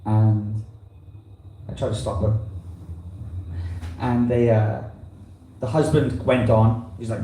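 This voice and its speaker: A man's voice: fairly low pitch, flat delivery, slow, long pauses, mellow, slight background noise. A man giving an informal, rambling talk to a temple congregation, full of "you know" and loose asides. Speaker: visiting preacher. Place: temple hall. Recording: echoey temple hall.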